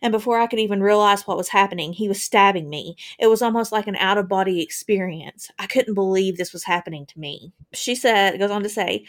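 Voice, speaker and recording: A woman's voice: mid-range voice, fairly quick, few pauses. A woman co-hosting a podcast, reading a true crime case aloud in a casual way, with long first-person quotes and asides. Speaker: podcast co-host.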